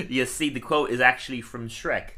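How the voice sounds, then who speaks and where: A man's voice: mid-range voice, sing-song, a little slow, sharp tone. A man hosting a podcast in casual, rambling chat, often stammering over restarts. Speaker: podcast host.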